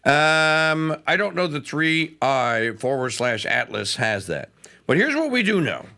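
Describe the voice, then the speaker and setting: A man's voice: fairly high pitch, sing-song, a little slow, gravelly, bright, forceful tone. A man hosting a live talk radio show, chatting in a rambling, self-correcting way.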